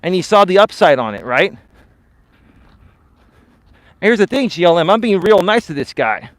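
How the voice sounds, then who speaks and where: A man's voice: high voice, big pitch swings, normal speed, no echo. A male dating and life coach ranting on a live stream, confrontational and repeatedly calling his opponent bro and sir.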